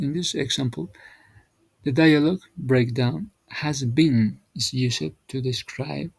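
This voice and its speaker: Male teacher walking through grammar drills; slow, halting, husky, restarts phrases, dry close sound. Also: mid-range voice, darkish tone, no echo, rough recording. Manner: halting, repeats and restarts words while explaining. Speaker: English teacher. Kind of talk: explaining grammar exercises.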